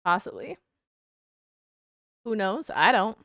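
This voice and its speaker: A woman's voice: mid-range voice, very animated, takes it slowly, a bit bright, dry recording, clean studio sound. A young woman streamer chatting casually with her viewers while gaming, reading their messages aloud and swearing freely.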